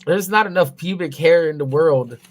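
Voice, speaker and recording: A man's voice: fairly high pitch, normal speed. A young man chatting on a livestream, crude and blunt, swearing constantly and rambling loosely with restarts. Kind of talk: casual livestream chat.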